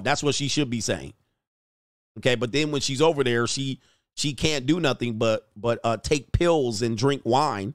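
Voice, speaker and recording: A man's voice: mid-range voice, moderate pace, dry recording, studio quality. A man hosting a live stream, reading viewer comments aloud and giving blunt, crude, mocking commentary.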